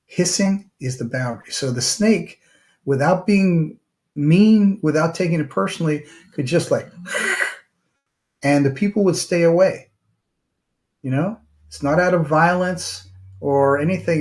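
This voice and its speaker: A man's voice: a little high, measured pace, a little mellow. A man who is a therapist hosting a show, talking casually and telling a story, with lots of "you know" and "right?". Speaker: host and therapist.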